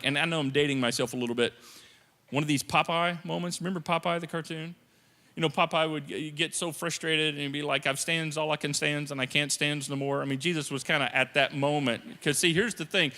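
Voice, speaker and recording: A male pastor preaching a sermon in an animated, joking way, swinging between quiet and loud. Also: on the high side, fairly quick. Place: church sanctuary. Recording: reverberant church sanctuary.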